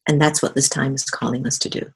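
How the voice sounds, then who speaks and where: A woman speaking as a spiritual guest in a conversational interview, earnest and animated. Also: extremely low pitch, fast, creaky, husky, poor audio.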